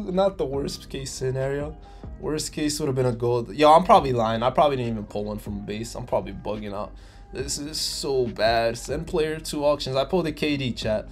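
A young man doing casual gameplay commentary for his channel, energetic and sarcastic, and he bursts into loud excitement. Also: medium pitch, moderate pace, soft background music. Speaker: gaming YouTuber.

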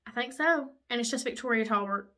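A woman, chatting excitedly while doing her makeup in a casual vlog, gushing and chatty. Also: on the high side, brisk. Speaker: makeup vlogger. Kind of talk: casual get-ready-with-me chat.

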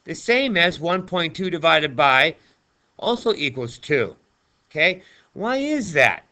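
Chatty, bright-voiced male math teacher. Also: on the high side, sing-song, takes it slowly. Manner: chatty, talks to himself, playful asides. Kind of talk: screen-recorded math lesson.

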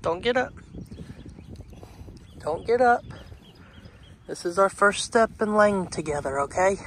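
A man talking warmly to his animals on a rural homestead, then narrating his building work. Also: sits high, lively intonation, slow, slight background noise. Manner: affectionate baby talk to animals, then practical narration. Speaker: homesteading vlogger. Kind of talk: casual vlog talk to animals and camera. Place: outdoors on a rural farm.

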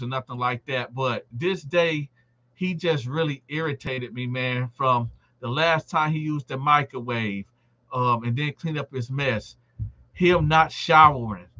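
A man hosting a live stream speaks in a medium pitch over a muffled recording. Telling a casual story from his prison days, he animatedly acts out the things other inmates said.

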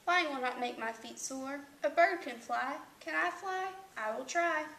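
A woman's voice: sits high, a little slow, creaky, bright, forceful tone, echoey room, a little hiss or hum, heavily acted. A woman voicing a silly male elephant with sore feet, with plaintive exclamations, in a storybook reading. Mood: earnest.

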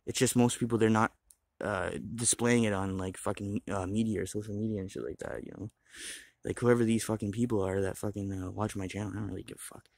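A man's voice: lowish voice, steady tone, fast, creaky, darkish tone, no echo. A man talking to the camera in a rambling, swearing monologue, restless and blunt. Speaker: vlogger.

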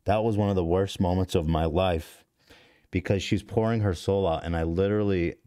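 A man's voice: low voice, steady tone, moderate pace, warm tone, no echo, studio quality. A man in his thirties hosting a podcast, telling a story in a rambling, profane, self-deprecating way with frequent restarts. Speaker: podcast host. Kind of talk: casual storytelling to stream chat.

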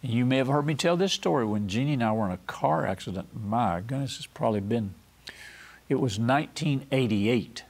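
A man's voice: mid-range voice, animated, brisk, breathy edge. Male pastor, TV sermon, folksy storyteller who acts out the voices he quotes. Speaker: pastor and TV host. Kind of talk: televised sermon.

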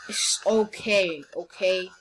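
Speaking slowly in a medium-pitched, slightly rough voice, a young woman teases her way through a game as a commentator. Faint music sits under the rough recording, and her playful remarks keep stalling into stammered restarts.

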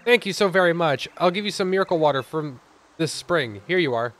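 A man voicing a gentle, grateful female lily flower in a sweet, raised voice while reading game dialogue. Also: a little high, lively intonation, a little fast, slight background noise, pitched above the performer's own voice.

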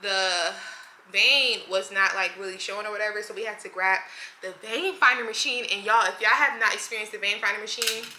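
A young woman talks fast and casually to her viewers into a small camera, calling them y'all and sounding hurried. Her voice sits in a middle pitch. The room echoes, and a steady background noise runs underneath. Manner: chatty, rushed, addresses viewers as y'all. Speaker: vlogger, nursing student. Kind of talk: casual vlog chat. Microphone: compact camera.

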